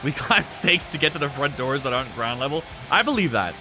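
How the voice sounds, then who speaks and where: A man's voice: medium pitch, fairly quick, music in the background. A man hosting a live game stream, commentating matches and chatting with viewers in a loose, laughing, foul-mouthed way.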